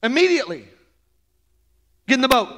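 A male pastor with a strikingly high voice preaches to his church with lively, swooping delivery. He talks with a lot of energy and slips into playful voices as he tells a story. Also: fairly quick. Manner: animated, acts out playful quoted voices. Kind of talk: energetic sermon.

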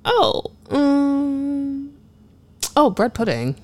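A woman's voice: sits high, very animated, extremely slow, darkish tone. A woman co-hosting a casual chat, frank and opinionated, sometimes reflective. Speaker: podcast co-host.

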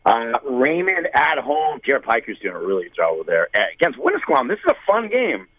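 A man's voice: medium pitch, a little fast, dry recording, lo-fi sound. A man co-hosting a sports podcast, chatting casually and rambling through game picks. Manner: rambling, lively, laughs often. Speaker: podcast co-host picking games.

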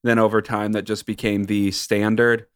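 An American man co-hosting a casual chat, with wry, deadpan jokes. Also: lowish voice, normal speed, clean tone, no echo. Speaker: podcast co-host.

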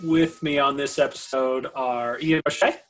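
A man's voice: mid-range voice, steady tone, moderate pace. Podcast host man introducing panel. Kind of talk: show introduction.

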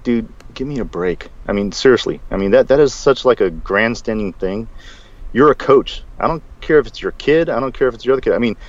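A man co-hosting a podcast in casual chat, rambling and animated, with many restarts. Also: mid-range voice, fairly quick. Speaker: podcast co-host. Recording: dull, lo-fi sound.

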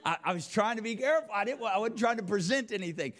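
A preacher telling a personal story in a church sermon, acting out both sides of the conversations. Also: male voice, sits high, very fast. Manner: animated, acts out both sides of dialogue. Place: church sanctuary.

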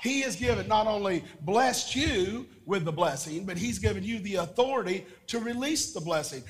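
A man's voice: sits high, expressive, normal speed, few pauses. A man preaching a sermon with prayer and call-and-response, emphatic and repetitive. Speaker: pastor. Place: church sanctuary. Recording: church hall reverb.

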